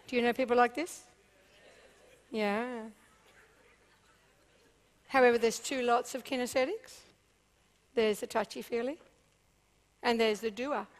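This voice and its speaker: High-voiced woman addressing a seminar. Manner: animated, checks in with the audience often. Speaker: business speaker. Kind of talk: seminar talk to a live audience.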